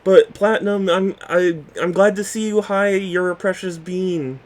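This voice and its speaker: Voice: mid-range voice, fairly even intonation, measured pace, hardly any pauses. Sleepy streamer voicing game dialogue. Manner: reads the game's lines in put-on voices, breaking off to argue with chat. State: just woken up. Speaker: streamer reading a detective game aloud. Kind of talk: live game stream, reading dialogue aloud.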